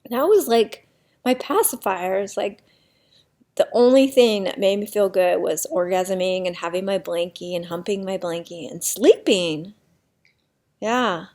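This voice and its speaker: Woman, slow and thoughtful delivery, mid-range voice, personal reflective monologue with frequent pauses. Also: mid-range voice. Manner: unhurried, pausing often, with soft fillers. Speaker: vlogger sharing personal healing practice.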